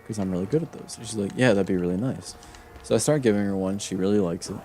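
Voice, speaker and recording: A man's voice: fairly low pitch, quick pace, dark tone, slight background noise. A young man streaming a game, telling a long personal story in a casual, rambling way with many fillers and restarts. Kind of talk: casual storytelling while gaming.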